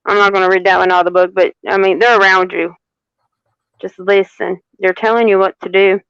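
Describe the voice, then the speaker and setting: A woman giving a live tarot reading, unhurried and repeating phrases for emphasis. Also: mid-range voice, flat delivery, a bit bright, smooth, no room sound, dull audio. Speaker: tarot reader.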